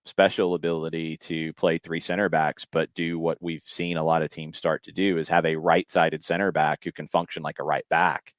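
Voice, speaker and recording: A man's voice: a bass voice, level tone, moderate pace, few pauses, dry recording. A man hosting a casual soccer podcast, reading out listener questions and thinking aloud with frequent restarts and fillers. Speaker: podcast host.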